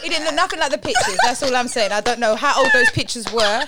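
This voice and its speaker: A woman's voice: high voice, big pitch swings, fast talker, heavy background noise. A woman, a podcast panellist making blunt, dry remarks in casual chat.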